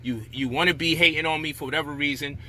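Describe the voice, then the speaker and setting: A man's voice: fairly high pitch, steady tone, fast talker, sharp tone, slight background noise. A man delivering a frustrated, profane, lecturing rant. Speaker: commentator. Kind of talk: heated monologue rant.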